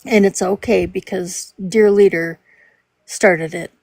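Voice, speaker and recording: Gravelly mid-fifties Minnesota woman. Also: lowish voice, fairly even intonation, takes it slowly, a little mellow, no echo. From Minnesota, USA. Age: 50s. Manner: conversational, laughs easily, trails off with fillers. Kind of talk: casual chat.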